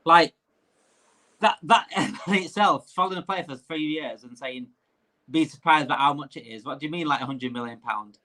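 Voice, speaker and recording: A man hosting a casual live-stream chat, ranting in an animated way. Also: fairly high pitch, normal speed.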